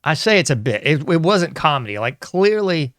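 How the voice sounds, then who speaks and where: A podcast host rambles through casual solo commentary on his own show, sarcastic and laughing often. His slightly high voice is sing-song and fairly bright at normal speed, recorded dry with clean studio sound.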